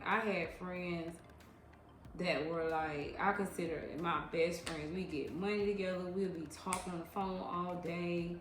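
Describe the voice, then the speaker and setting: Speaking on the low side, this thirty-something vlogger shares frank, emphatic stories about her time as a club dancer, stretching out slangy repetitions for emphasis. Slight background noise sits in an echoey room with faint ambience.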